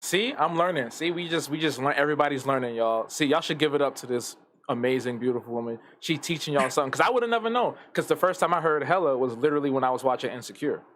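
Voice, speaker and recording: A man's voice: medium pitch, expressive, quick pace, a bit bright, a little hiss or hum. Joking male stream host. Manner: joking, hyping up the guest. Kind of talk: casual chat.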